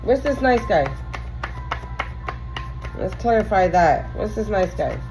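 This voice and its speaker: A woman's voice: medium pitch, very animated, music in the background. A woman doing a casual tarot reading for her viewers, emphatic and profane. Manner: emphatic, profane, slow and drawn out. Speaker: tarot reader.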